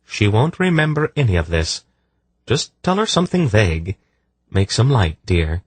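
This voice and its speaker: A man's voice: fairly low pitch, very animated, normal speed, husky, no room sound, voice pushed up. A man doing a cool, commanding sorceress. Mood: commanding calm. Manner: cool, implacable, dryly amused. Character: commanding, calm, powerful woman sorceress. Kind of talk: audiobook reading.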